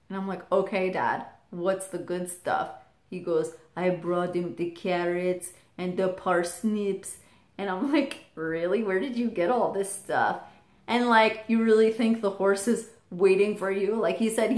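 A young woman vlogger telling a family story in a casual, animated way, acting out the people she quotes. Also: mid-range voice, unhurried. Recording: echoey room.

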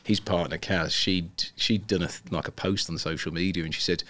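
A man hosting a podcast in casual chat, talking in a reflective, measured way. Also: deep voice, steady tone, fairly bright tone. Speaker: podcast host.

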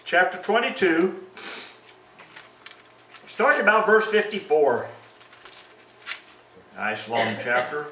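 A man preaches a sermon, voicing the quoted lines of scripture with real drama. His voice sits high and swings widely in pitch. He is caught from some distance in a room with a noticeable echo. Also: sing-song, slow, long pauses, a bit bright, a little hiss or hum. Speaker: pastor.

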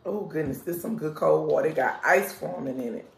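A woman's voice: sits low, a little fast, gravelly, slight background noise. Sassy woman host in an echoey room. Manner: sassy, frank, addresses listeners as sis and y'all. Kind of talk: casual vlog talk, reading a customer review aloud.

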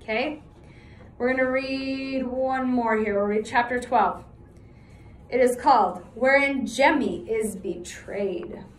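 A woman teacher reading a novel aloud to her class, steady and pausing to check in with listeners. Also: a little high, reverberant, poor audio.

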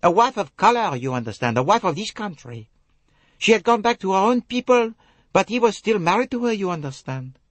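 A man voicing an excitable, emphatic young female lady's maid in an audiobook. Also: high-pitched, a little fast, dry recording, voice pushed up. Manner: emphatic, insistent. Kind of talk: audiobook character voice.

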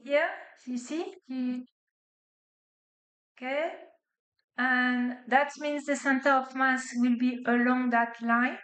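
In an echoey lecture hall, a woman teaches physics with a non-native English accent, working step by step and checking in with frequent "okay?" and "right?" Her high, slightly bright voice barely moves in pitch, and she goes slowly with long pauses.

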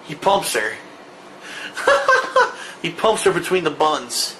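A man giving loud, excitable and crude commentary while playing video games. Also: fairly high pitch, takes it slowly, slight background noise. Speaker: gameplay commentator. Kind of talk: crude live gameplay commentary.

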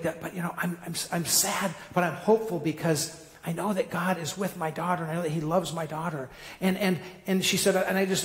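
Fast-talking energetic preacher in echoey hall. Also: male voice, sits high. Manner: energetic, animated storytelling with rising emphatic peaks. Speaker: guest preacher. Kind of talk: sermon. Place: church sanctuary.

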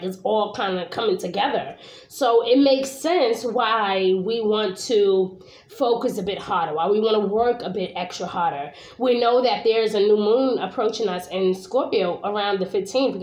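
A woman from Brooklyn, New York, gives a casual tarot reading in a chatty, informal way, dropping the odd curse and checking in with "okay?". Her voice sits at a middle pitch. The recording has a roomy echo. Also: moderate pace, a little mellow. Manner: chatty, casual, swears, often tags "okay?". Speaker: tarot reader. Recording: echoey room.

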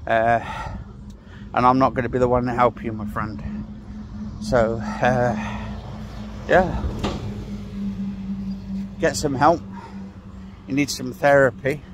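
A man's voice: mid-range voice, steady tone, takes it slowly, long pauses, background noise. A man rambling and ranting sarcastically while he walks outdoors, swearing and sighing as he talks. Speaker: vlogger. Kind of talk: casual ranting walking vlog. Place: outdoors on a walk.

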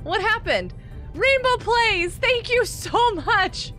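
A woman streams a game live, her voice high and swooping up and down as she chatters. She reacts excitably to the game and to viewers in the chat. Faint music plays underneath her. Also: slow pace. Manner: excitable, chatty, reads viewer chat aloud and thanks people. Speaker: live-stream gaming host. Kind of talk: casual live-stream chat while gaming.

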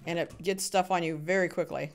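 A woman's voice: fairly low pitch, fairly even intonation, a little fast, slight background noise. A woman streaming a game live, chatting with viewers, cheering on other players and humming little sound effects as she plays. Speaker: gaming streamer. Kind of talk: live Minecraft stream commentary.

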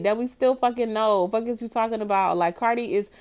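A woman's voice: on the high side, a little fast, darkish tone, clear, resonant tone. Florida woman going off in a reaction rant, blunt, cussing a lot, heated. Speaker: commentary vlogger. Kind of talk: profane casual reaction rant.

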